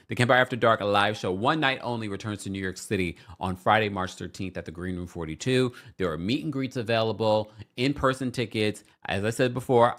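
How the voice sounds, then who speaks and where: A man hosting a reality TV recap vlog, talking in a gossipy, animated way and jumping into high mocking voices when he quotes people. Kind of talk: casual recap commentary.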